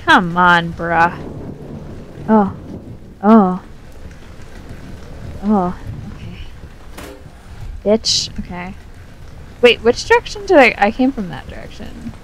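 A woman's voice: medium pitch, big pitch swings, takes it slowly, pauses often, a bit bright, a little hiss or hum. A tipsy young woman chatting and swearing through a let's play, talking back to the game's character. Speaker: gamer. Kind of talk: casual drunk let's play commentary.

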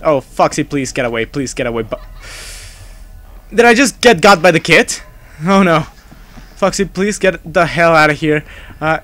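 A game streamer with a high-pitched, slightly bright voice, recorded dry, commentates his live gameplay nervously in English, which is not his first language. He panics, pleads and repeats himself, and swears when something startles him.

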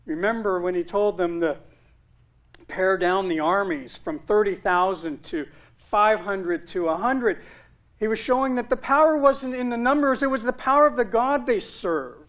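A man's voice: high-pitched, moderate pace, a bit bright. Earnest male pastor preaching. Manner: earnest preaching, with emphatic repetition. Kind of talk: sermon.

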